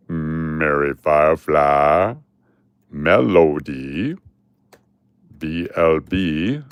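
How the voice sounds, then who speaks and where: A deep, booming Southern uncle drawls one name after another, as a man puts him on. Every word comes out slow and deliberate, with a dry, close sound. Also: no room sound, highs cut off, full character voice.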